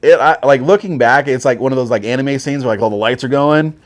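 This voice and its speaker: A Marine veteran guest in his forties tells his story casually in a fast, mid-range male voice. He rambles and swears a lot, filling his speech with filler words.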